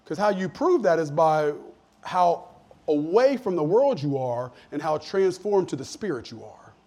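A man preaching a sermon as a pastor, talking in a conversational way that sinks to soft asides and climbs to emphatic points. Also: on the high side, big pitch swings, unhurried.

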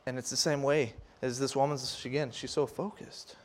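Fairly quick and medium-pitched, a youth leader delivers a chatty, unpolished sermon with fillers and restarts. Along the way he animatedly voices the scoffers.

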